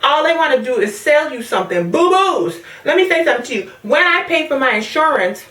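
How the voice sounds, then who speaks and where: A young woman from the Caribbean vents in a sassy, animated way, her voice a touch high. She sounds set back from the mic, in an echoey room. She is pregnant and chatting casually to her viewers. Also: brisk, far from the mic. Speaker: vlogger. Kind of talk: casual rant to camera.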